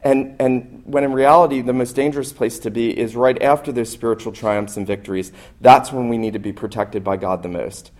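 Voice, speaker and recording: An earnest male pastor delivering a Sunday sermon. He preaches with emphasis, voice at an ordinary middle pitch, and answers his own rhetorical questions. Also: fairly even intonation, a little fast, hardly any pauses, a little mellow.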